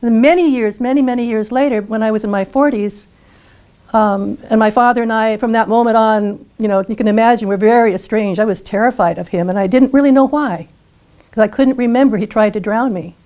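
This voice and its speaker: An older woman giving a talk, telling her life story in an earnest, animated way and acting out the dialogue. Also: fairly high pitch, fairly quick.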